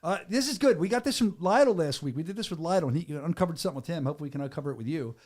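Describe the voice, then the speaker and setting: A man hosting a sports podcast rattles through his questions at a rapid clip, joking and excitable. His voice sits slightly high for a man and keeps tipping into laughter. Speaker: podcast host and venue announcer. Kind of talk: casual podcast chat.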